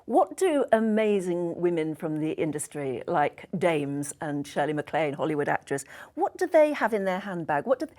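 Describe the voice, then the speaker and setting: A woman's voice: sits low, big pitch swings, moderate pace, hardly any pauses, darkish tone. A woman hosting an interview, asking chatty, leading questions. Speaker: interviewer, host.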